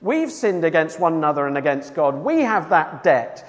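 A man preaching a sermon, emphatic and earnest, moving between loud cries and hushed tones. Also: a little high, sing-song, moderate pace, in a large hall.

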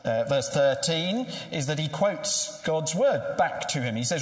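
A man's voice: on the high side, expressive, a little slow, few pauses. A man preaching a sermon in a conversational way, asking rhetorical questions. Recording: echoey hall with long reverb.

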